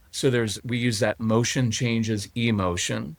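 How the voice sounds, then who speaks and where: A middle-aged man, a parenting coach as a podcast guest, telling stories lively and acting out quotes from parents and kids. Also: mid-range voice, unhurried, vocal fry, no echo. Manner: animated storyteller acting out parent and child quotes. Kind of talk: conversational interview.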